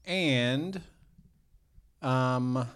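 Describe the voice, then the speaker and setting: A man's voice: mid-range voice, extremely slow, fairly bright tone, clear, resonant tone. Young man, podcast co-host, casual comedic chat, joking, riffing. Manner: joking, riffs into bits.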